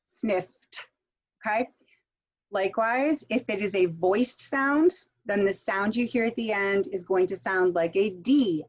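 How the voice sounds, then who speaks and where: A woman teaching a pronunciation workshop online. She explains slowly, keeps checking in with "okay?", and corrects herself along the way. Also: medium pitch, highs cut off. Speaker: pronunciation instructor.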